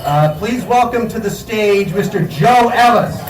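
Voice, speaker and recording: Rambling high-voiced man hosting comedy. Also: lively intonation, unhurried, echoey room, distant mic, heavy background noise. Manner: rambling, with many fillers and self-corrections. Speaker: comedy night host. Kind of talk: stand-up comedy. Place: bar comedy stage.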